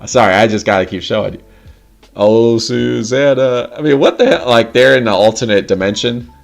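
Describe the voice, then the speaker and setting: Gravelly, animated man chatting on a stream. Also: lowish voice, fast talker, soft background music. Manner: animated, laughing often, swearing casually. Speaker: livestream host. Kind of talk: casual livestream chat.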